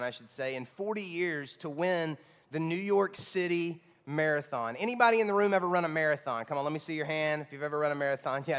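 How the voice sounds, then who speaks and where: A hoarse male pastor, bubbling over with excited, chatty energy as he preaches. His slightly high voice rings out in a church hall with a long echo. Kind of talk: sermon. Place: church auditorium.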